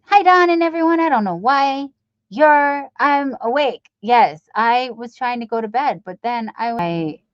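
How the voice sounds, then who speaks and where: Slow-talking woman on a lo-fi stream. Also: fairly high pitch, expressive, no room sound. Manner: rambling, reads chat aloud, self-deprecating. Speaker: live stream host. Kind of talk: casual live-stream chat. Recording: dull lo-fi stream audio.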